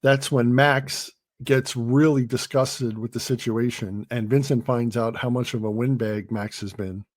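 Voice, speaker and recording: A man's voice: mid-range voice, steady tone, measured pace, few pauses, a little mellow. A man chats casually on a movie podcast, retelling scenes and acting out quoted lines. He talks loosely with many ums and restarts. The sound is close and dry, with no room echo. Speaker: podcast host.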